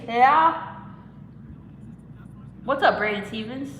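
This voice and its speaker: A woman's voice: medium pitch, expressive, normal speed, a bit bright, roomy sound, big-room sound, a little hiss or hum, low-quality recording. A woman hosting a casual live stream, rambling, giggling and reading chat comments aloud. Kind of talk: casual watch-along chat.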